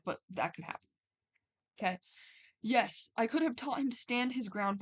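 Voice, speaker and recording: A young adult woman on a casual stream, reading stories aloud and breaking off to comment in a chatty way. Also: medium pitch.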